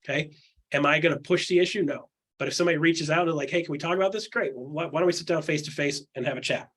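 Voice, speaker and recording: A man coaching on real estate in a candid chat, punching his points with quick rhetorical questions and acting out what other people say. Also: a little high, fairly even intonation, fairly bright tone, husky. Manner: acts out quotes in other voices.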